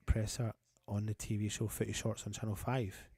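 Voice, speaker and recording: A man's voice: on the low side, level tone, normal speed, warm tone, breathy edge, dry recording, clean studio sound. A man hosting a live football watchalong, calling the play and chatting with viewers in a matey way. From England. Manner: chatty and matey, breaks off commentary to greet viewers. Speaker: fan channel host doing a live match watchalong. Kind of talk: live match commentary mixed with reading out viewer comments.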